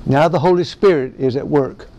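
A man preaching a folksy Bible-study sermon, excitable and often chuckling. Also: fairly high pitch, brisk, highs cut off, slight background noise.

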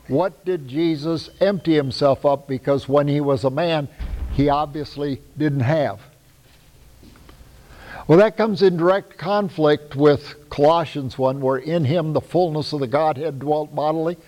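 A man's voice: on the high side, darkish tone, in a large hall, poor audio. A man preaching a sermon in a conversational, emphatic way, often asking the listeners rhetorical questions.

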